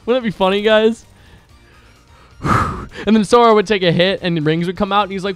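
Young male let's-play co-host, high lively voice, excitable rambler, faint music bed. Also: a little fast, dry recording. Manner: excitable, rambling, joking, swears often. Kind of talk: casual gaming chat.

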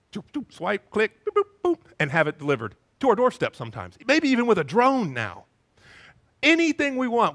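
A male pastor preaching a sermon, telling stories in a lively way and acting out the voices of the people in them. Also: high-pitched. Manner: lively storytelling, acts out voices.

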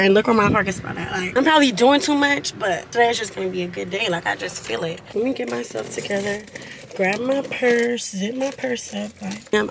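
A teenage girl chatting casually to her viewers while vlogging on a handheld camera, animated and talkative. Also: fairly high pitch, gravelly. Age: teens. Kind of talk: casual vlog chat to viewers. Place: in a car and around a shopping area. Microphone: handheld vlog camera. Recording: noisy handheld vlog recording.

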